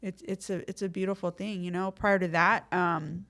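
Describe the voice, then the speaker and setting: A woman's voice: lowish voice, moderate pace, vocal fry. A middle-aged woman, a podcast guest telling her story in casual, streetwise slang full of fillers. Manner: lively when acting out quotes.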